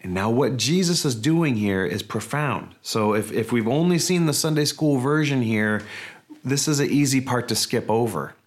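A man's voice: medium pitch, expressive, normal speed. A man, a pastor, preaching a sermon in a conversational, emphatic way with rhetorical questions.

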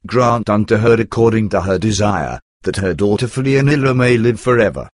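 A man's voice: on the low side, a little fast, no echo, clean studio sound, lightly acted. A man reading as Tekla, a steadfast young woman. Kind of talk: scripted reading aloud.

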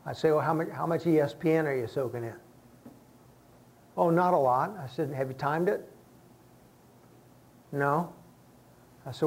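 A man's voice: a little high, moderate pace, long pauses, a little hiss or hum. A man preaching a conversational sermon as pastor to his congregation, acting out the voices of people he quotes. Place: church sanctuary with congregation.

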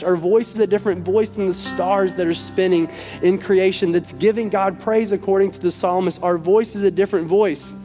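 A man's voice: high-pitched, a little mellow. A man preaching a sermon as a pastor, impassioned and repeating phrases for emphasis. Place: church sanctuary. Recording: church hall with long reverb and faint music.

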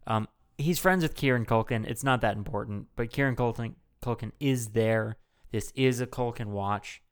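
A man co-hosting a casual movie podcast, rambling and animated, with lots of swearing and fillers. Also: mid-range voice, moderate pace, clean tone. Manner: rambling and animated, heavy profanity, many fillers. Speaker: podcast co-host.

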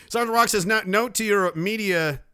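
A livestream host from Nova Scotia, Canada, rambles casually, swearing freely as he jokes and reads out viewer messages. His voice is high, smooth and sharp in tone at a moderate pace, with clean studio sound and no echo.

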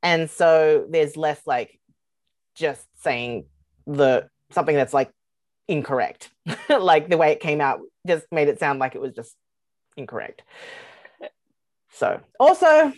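Podcast guest, female, low voice, meandering and hesitant, dry close sound. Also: big pitch swings, slow, long pauses, darkish tone, no echo. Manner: rambling, hesitant, many ums and likes. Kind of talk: casual podcast chat.

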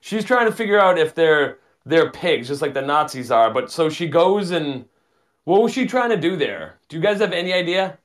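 A man's voice: fairly high pitch, lively intonation, normal speed. A man co-hosting a casual movie podcast, chatty and laughing often as he works from his notes. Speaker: podcast co-host. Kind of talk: casual movie review chat.

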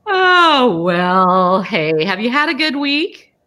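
Bright-voiced chatty woman host. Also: on the high side, sing-song, slow. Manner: chatty, upbeat, laughs often. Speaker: podcast host. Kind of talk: casual chat.

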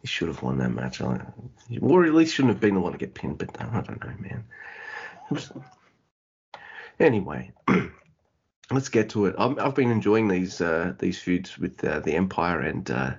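Husky-voiced man, laid-back podcast chat. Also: low voice, very animated, highs cut off. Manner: laid-back, halting, many fillers. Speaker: podcast co-host. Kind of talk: casual wrestling review chat.

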